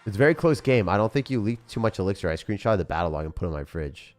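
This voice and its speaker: A laid-back young man with a fairly low voice, chatting loosely with his stream viewers. He drops dude and bro all the time and laughs easily. Soft music plays faintly under his talk. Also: expressive, racing. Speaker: game streamer. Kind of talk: casual live-stream chat.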